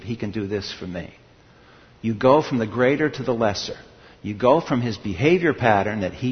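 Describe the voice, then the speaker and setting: A man delivers a sermon in an emphatic teaching manner, pressing his listeners with rhetorical questions. The recording is dull and lo-fi. His voice trails off into a long reverb, as in a large hall. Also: medium pitch. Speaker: preacher.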